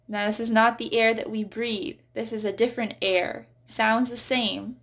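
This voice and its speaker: A woman teaching English pronunciation, saying example words slowly and carefully. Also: a little high, flat delivery, fairly bright tone. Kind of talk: pronunciation lesson.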